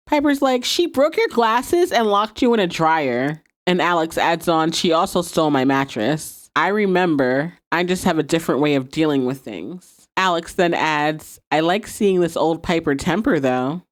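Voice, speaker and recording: A woman hosting a rewatch podcast, casually retelling scenes and laughing often as she goes. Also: fairly low pitch. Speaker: podcast host. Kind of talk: casual episode recap.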